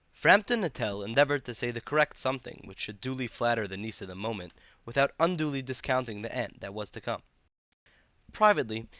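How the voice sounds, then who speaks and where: Male storybook narrator, expressive, smooth and dry sound. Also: medium pitch, no room sound. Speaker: audiobook narrator.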